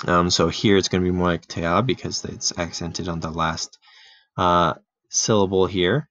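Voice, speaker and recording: A man giving a relaxed, casual grammar lesson, full of fillers and restarts, who often clears his throat. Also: deep voice, normal speed, dry recording. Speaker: Greek teacher. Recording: dull, dry home recording.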